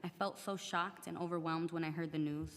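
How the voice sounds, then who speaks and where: A woman's voice: low-pitched, fairly even intonation, brisk. A teenage girl, English not her first language, earnestly reading prepared testimony at a public hearing. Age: teen. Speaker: student testifying. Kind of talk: prepared testimony read aloud. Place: council chamber. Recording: long reverb of a large chamber.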